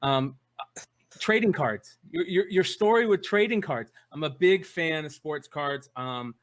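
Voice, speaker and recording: A man hosting a podcast interview, asking questions haltingly with restarts and fillers. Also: a little high, lively intonation, a bit bright. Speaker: podcast host. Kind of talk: casual interview.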